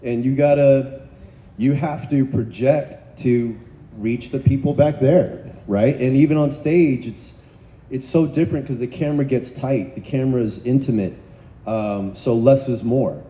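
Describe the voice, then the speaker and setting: Dark-voiced actor in an echoey hall. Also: male voice, mid-range voice, a little slow. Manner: animated, acts out quoted voices, stammers restarts. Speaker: actor on a convention panel. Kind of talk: casual panel storytelling. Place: convention hall panel stage. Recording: echoey convention hall, faint noise.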